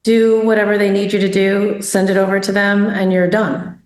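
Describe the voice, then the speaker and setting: A woman's voice: mid-range voice, flat delivery, normal speed. A woman interviewing a former teacher, asking admiring questions in a casual conversation. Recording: echoey room.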